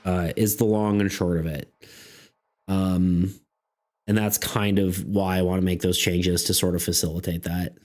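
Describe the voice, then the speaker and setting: Low-voiced man rambling on stream. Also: level tone, a little slow, darkish tone. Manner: rambling, lots of fillers and restarts, reads chat messages aloud. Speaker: streamer reading chat. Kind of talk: casual stream chat.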